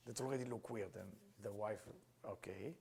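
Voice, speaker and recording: A man's voice: mid-range voice, animated, moderate pace, vocal fry, a little hiss or hum. A middle-aged man teaching Kabbalah in an earnest way, mixing personal stories into the lesson in plain, slightly non-native phrasing.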